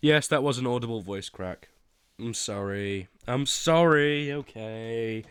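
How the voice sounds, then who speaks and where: A man's voice: medium pitch, a little slow, fairly bright tone, smooth, no room sound, studio quality. A young man streaming casual chat, ranking teas with whiny pleading and sudden dramatic outbursts.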